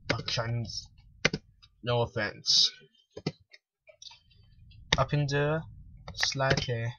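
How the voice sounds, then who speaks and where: A man's voice: medium pitch, steady tone, slow pace, long pauses, fairly bright tone. A man at home rambling casually through gameplay commentary with mumbled asides. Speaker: gamer. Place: at home with pets. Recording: dull lo-fi with faint music.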